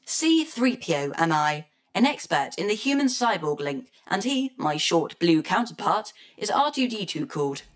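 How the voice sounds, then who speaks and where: A woman's voice: on the low side, sing-song, normal speed, few pauses. A woman voicing a fussy, anxious male protocol robot in an amateur verse audio drama, speaking in a formal, prim way. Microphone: home computer mic.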